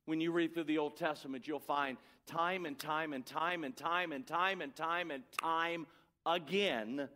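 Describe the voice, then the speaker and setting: A middle-aged man preaching a sermon as pastor, building emphatic repeated refrains and letting phrases fall away soft and quiet. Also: fairly high pitch, steady tone, a little slow.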